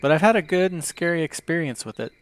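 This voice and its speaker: A man's voice: on the high side, lively intonation, quick pace, a little hiss or hum. A man hosting a comedy podcast, reading online reviews aloud in a dry, joking way. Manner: reads listener reviews aloud with dry humor. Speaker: podcast host.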